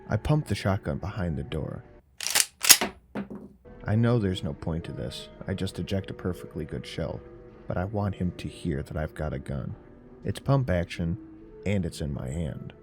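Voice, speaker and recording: Deep gravelly man narrating horror. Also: animated, normal speed. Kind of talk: scripted horror story narration. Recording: narration over faint music.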